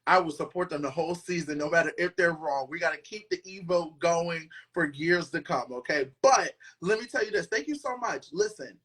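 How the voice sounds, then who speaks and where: A man hosting a casual podcast chat, talking in a loud, dramatic and sassy way. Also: on the high side, a little fast, hardly any pauses, slightly rough. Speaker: podcast host.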